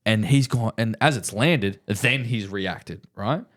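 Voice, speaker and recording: A man's voice: lowish voice, takes it slowly, a bit bright. A man co-hosting a podcast, telling golf stories in casual chat, swearing freely and checking in with "right?" all the time. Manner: storytelling, swearing, lots of "right?". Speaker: podcast co-host.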